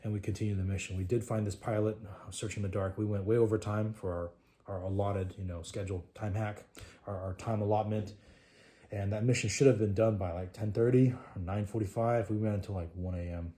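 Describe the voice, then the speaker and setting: Speaking to his trainees, a man recounts a war story from training in a lively, chatty manner, now and then lowering his voice to a hush. His pitch is fairly low and his pace fairly quick.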